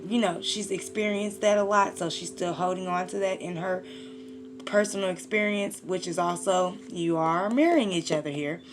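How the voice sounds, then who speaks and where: A woman reads tarot cards in a loose, profane, chatty way, speaking straight to her listener. Her voice sits fairly low. There is clear noise under the recording. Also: moderate pace. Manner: blunt, profane and animated. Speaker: tarot reader. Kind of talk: casual tarot reading.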